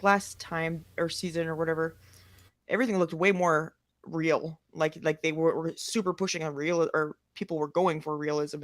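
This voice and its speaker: A man co-hosting a casual podcast chat, mostly quiet, chiming in with short agreements. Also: on the high side, dry recording. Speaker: podcast co-host.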